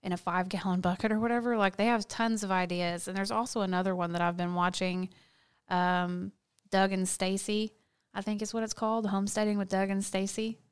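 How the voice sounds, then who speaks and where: A woman's voice: medium pitch, little pitch movement, a little fast, clear, resonant tone. A young woman with a Southern accent, chatting casually and sassily as a co-host, swearing and joking freely. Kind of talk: casual chat.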